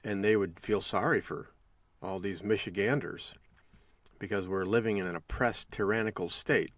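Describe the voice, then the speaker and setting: A man's voice: fairly low pitch, normal speed, no room sound, distant mic. A man hosting a podcast, telling a folksy story in a casual monologue and chuckling along the way. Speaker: podcast host.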